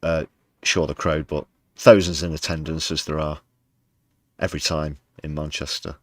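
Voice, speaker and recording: A man with a very deep, fairly flat voice hosts a livestream at a moderate pace, recorded dry and at studio quality. He gives live commentary over news clips with heavy sarcasm, often addressing viewers as "people".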